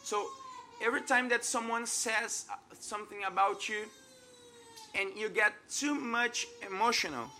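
A man in his thirties speaks with a Brazilian Portuguese accent, his voice high and bright. He preaches a sermon at an unhurried pace, earnest and conversational, and a faint room ambience hangs behind him. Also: slight background noise. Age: 30s. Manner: earnest, conversational, laughs at himself.

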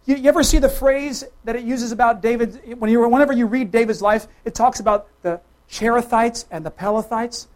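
A preacher with a medium-pitched voice and fairly even intonation preaches emphatically yet conversationally. Forceful declarations give way to hushed asides, and he often puts quick questions to the congregation.

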